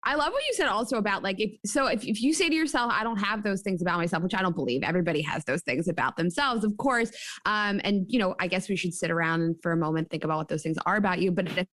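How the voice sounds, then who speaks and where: Rapid-fire woman host, mid pitch, upbeat. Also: expressive, a bit bright. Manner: enthusiastic, upbeat. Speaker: podcast host. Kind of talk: casual podcast chat.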